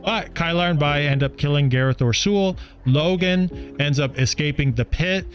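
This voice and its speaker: A man co-hosting a book review podcast, recapping the plot in a brisk, plainspoken way and pushing the talk along. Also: a little high, faint music behind. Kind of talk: casual chat recapping a book.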